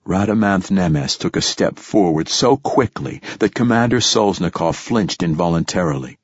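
A man narrating a science fiction story in a measured, steady reading style. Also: deep voice, husky, dry recording, highs cut off. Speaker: audiobook narrator. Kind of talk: scripted narration.

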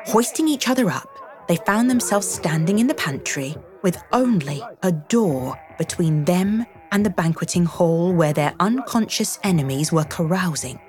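A woman reading a classic storybook aloud with an expressive, dramatic manner. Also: lowish voice, normal speed. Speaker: narrator.

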